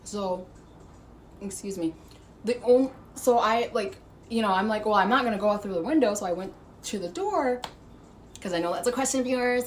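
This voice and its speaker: A woman vlogger telling a story to camera, animated and profane, laughing as she goes. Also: mid-range voice, normal speed, a little hiss or hum. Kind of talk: casual storytime monologue.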